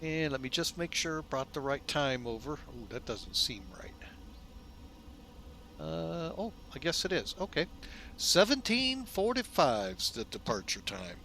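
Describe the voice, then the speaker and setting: A man hosting a flight simulator video in a casual, folksy way, relaxed and loose with lots of fillers, often speaking to viewers as folks. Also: on the high side, a little slow. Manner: chatty, folksy, keeps calling viewers "folks". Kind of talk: casual narrated simulator walkthrough.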